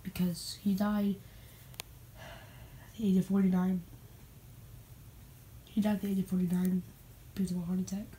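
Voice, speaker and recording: A woman's voice: lowish voice, level tone, moderate pace, long pauses, warm tone, a little hiss or hum, natural voice. A woman voicing an earnest male cartoon guest who rambles through a eulogy, correcting himself as he goes, in a homemade puppet show.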